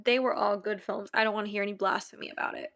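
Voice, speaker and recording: A woman's voice: medium pitch, fairly even intonation, quick pace, gravelly, fairly bright tone. A woman co-hosting a film podcast in casual chat, bubbly and teasing. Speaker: podcast co-host.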